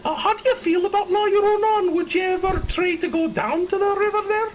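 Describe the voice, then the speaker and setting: Man faking a squeaky Irish elf, sing-song and over the top, podcast banter. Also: fast talker, a little hiss or hum, low-quality recording. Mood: spooky teasing. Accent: Irish, put on.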